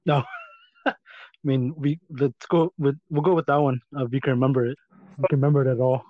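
A man's voice: mid-range voice, fairly even intonation, a little fast, no echo. A man hosting a casual podcast chat, prompting his guests in a hesitant way full of fillers. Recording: dry, tinny phone-like line.

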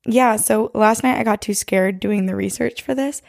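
A young woman chats with her co-host, her voice gravelly and worn almost to nothing. She talks fast and loose, laughing easily, recorded dry and close with no room sound. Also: mid-range voice, no room sound. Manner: chatty, quick to laugh. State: nearly lost her voice. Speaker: podcast co-host. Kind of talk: casual chat.

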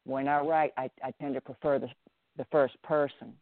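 A man's voice: medium pitch, steady tone, moderate pace, dry recording, phone-quality sound. A middle-aged man with a Southern US accent, a writer answering interview questions thoughtfully, often restarting and repeating words. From Southern United States.

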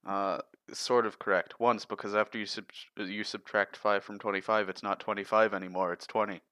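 A man co-hosting a casual podcast, reading long riddles aloud in a steady listing way. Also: fairly low pitch, fairly quick, dry recording. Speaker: podcast co-host.

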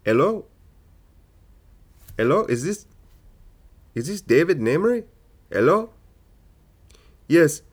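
A man voicing a hapless male telemarketer with a put-on Indian accent and halting phone patter. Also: on the high side, big pitch swings, husky, pitched above the performer's own voice, full character voice.

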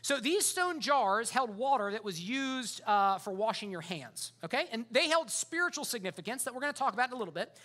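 A man's voice: extremely high pitch, expressive, fairly quick, bright, forceful tone. A man preaching a sermon as pastor, in a casual, conversational way full of fillers.

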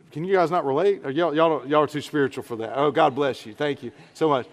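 A man's voice: a little high, fast talker, few pauses. A middle-aged man, preaching an earnest, conversational sermon. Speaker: pastor. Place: church sanctuary. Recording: church hall reverb.

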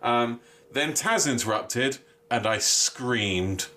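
Animated, bright-voiced man. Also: medium pitch, slow. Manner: animated, swears a lot, mimics people he quotes. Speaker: wrestling podcast co-host. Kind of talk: casual chat.

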